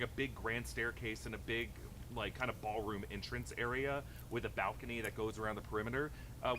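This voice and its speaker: Man, trailer breakdown commentary, filler-heavy, middle pitch, noisy played-back video. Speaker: film news commentator.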